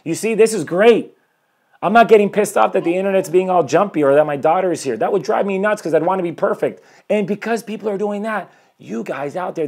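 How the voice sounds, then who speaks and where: Here the life coach, a man in his forties, sounds high-pitched and a little mellow, talking fast with lively intonation. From his home he runs a motivational live stream, preaching self-improvement with energy, wandering a bit, and saying hello to viewers as they join.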